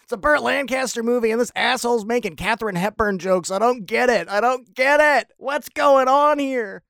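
A man doing a whiny high-pitched heckler. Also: moderate pace, gravelly, a bit bright, dry recording, studio quality, full character voice. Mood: exasperated. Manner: whiny, incredulous. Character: exasperated high-voiced grown man heckler.

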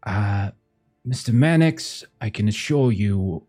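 A man's voice: lowish voice, lively intonation, slow pace, a little mellow, slightly rough, exaggerated voice. A man voicing a stern, icy alien woman overseer who talks in a curt, clipped, impatient way, with faint music behind.

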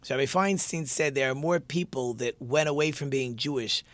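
A man's voice: medium pitch, normal speed, a bit bright, dry recording. A male teacher giving a conversational religious lesson and posing rhetorical questions to his listeners.

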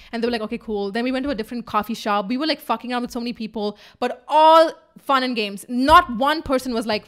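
A young woman speaks quickly in a slightly high voice, telling a story with lots of excitement. She swears freely and jumps into little acted-out quotes as she goes. It sounds like casual chat between co-hosts. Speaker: co-host.

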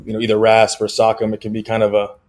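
Flat-toned, low-voiced podcast host. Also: male voice, quick pace. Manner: easygoing, reads ad in relaxed conversational way. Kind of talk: casual podcast chat and host-read ad.

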